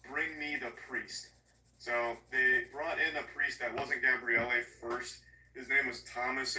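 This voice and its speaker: Man with a very bright, sarcastic voice. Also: medium pitch, far from the mic, slight background noise. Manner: sarcastic, profane, animated storytelling. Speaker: movie recapper. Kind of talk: casual comedic movie recap. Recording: echoey room, voice off-mic.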